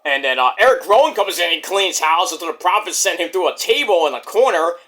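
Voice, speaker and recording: An excitable man recaps a wrestling show in a loose, swearing vlog style. His high, bright voice jumps all over the place, and he breaks into sudden yelled exclamations. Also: fairly quick. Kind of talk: casual review vlog.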